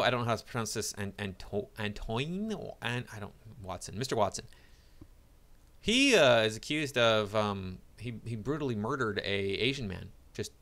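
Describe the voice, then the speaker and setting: A man's voice: on the low side, fairly bright tone. A man giving casual reaction commentary, sarcastic and mocking, often stumbling and repeating words. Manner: sarcastic and mocking, with many restarts and stammered repeats. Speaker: online commentator.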